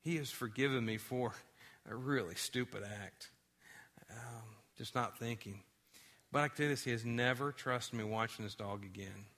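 Male pastor, bright tone, animated sermon storyteller. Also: medium pitch, normal speed. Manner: animated storytelling, drops to quiet tones for sad moments.

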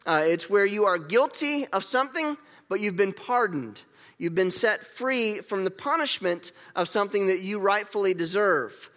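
A man preaching a sermon, lively and repetitive, leading the congregation in gestures and call-and-response. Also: high-pitched, moderate pace, in a large hall. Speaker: pastor.

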